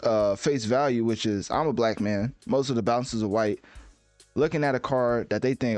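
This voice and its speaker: A man's voice: mid-range voice, moderate pace, a little mellow, dry recording, soft background music. A man in his twenties hosting a solo podcast, talking in a laid-back, conversational way with many asides and fillers. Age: 20s. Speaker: podcast host. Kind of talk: casual solo podcast monologue.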